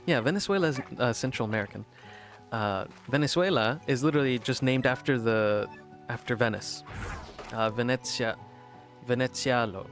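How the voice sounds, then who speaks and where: A man's voice: medium pitch, expressive, fairly quick, a bit bright, faint music behind. A man rambling in casual chat as he plays a video game, often restarting sentences and laughing. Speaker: gaming streamer.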